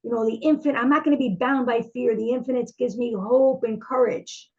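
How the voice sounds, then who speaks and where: Heartfelt woman teacher, fairly high voice. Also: steady tone, brisk, a little mellow, lo-fi sound. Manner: heartfelt, searching, many fillers and restarts. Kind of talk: teaching a class on a psalm.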